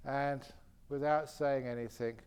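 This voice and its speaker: Animated storytelling monk, man. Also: mid-range voice, measured pace, clear, resonant tone. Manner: animated anecdotal storytelling with frequent laughter. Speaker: Buddhist monk and meditation teacher. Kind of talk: retreat question-and-answer talk. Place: meditation retreat centre hall.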